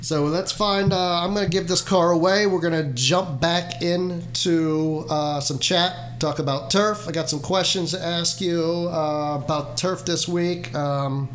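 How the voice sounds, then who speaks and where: A man's voice: on the high side, fairly even intonation, measured pace, few pauses, fairly bright tone, slight background noise. A man hosting a casual livestream, chatting loosely with plenty of fillers and easy laughs. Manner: rambling, fillers, laughs easily. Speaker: livestream host.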